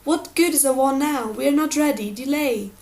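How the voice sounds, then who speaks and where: A woman's voice: high-pitched, normal speed, darkish tone. A woman doing a fretful scheming foreigner, raised and anxious. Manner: fretful, complaining.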